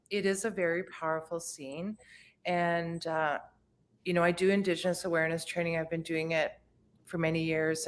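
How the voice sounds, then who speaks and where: A woman film director answering a webinar question in a soft-spoken, thoughtful way with some hesitations. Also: lowish voice, slight background noise. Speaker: documentary director.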